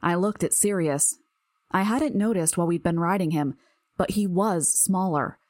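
A woman narrating a first-person audiobook in an even, measured reading. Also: lowish voice, no room sound.

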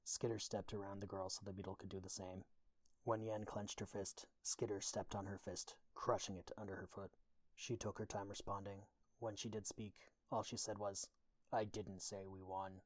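A man narrating a dark audiobook in a steady, even storytelling voice. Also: fairly low pitch, normal speed, no room sound. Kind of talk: scripted narration.

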